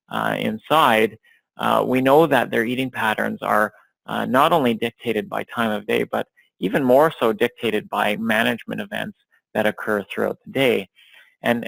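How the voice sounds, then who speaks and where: Gravelly low-voiced male lecturer, dry mic. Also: fairly bright tone, dry recording, low-quality recording. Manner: measured, many fillers and restarts. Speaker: dairy science researcher and lecturer. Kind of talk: recorded academic lecture over slides.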